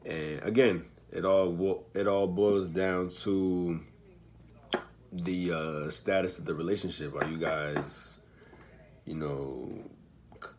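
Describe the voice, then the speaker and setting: A low-voiced man chats through his reactions in a relaxed, slangy way. He muses out loud and takes back his own words. A faint hiss sits under his voice. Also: slow pace, long pauses. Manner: laid-back, slangy, thinking aloud and correcting himself. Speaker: commentator reacting to a dating show. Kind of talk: casual reaction commentary.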